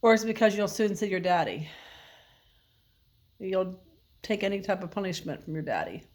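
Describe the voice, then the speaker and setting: A woman's voice: medium pitch, animated, normal speed, darkish tone. A woman vlogger talking to her dog in a playful, mock-scolding way, asking him questions.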